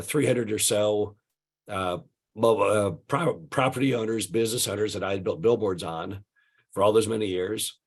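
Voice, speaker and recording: Gravelly, hoarse older man. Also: fairly low pitch. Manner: relaxed storytelling with many "uh" fillers. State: hoarse from flu. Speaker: guest speaker. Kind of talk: conversational webinar presentation.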